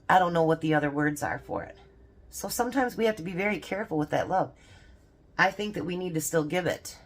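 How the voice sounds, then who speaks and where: Older woman, grandmother type, low voice, rambling casual devotional chat with frequent laughs. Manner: rambling, chatty, laughs often. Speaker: homestead vlogger.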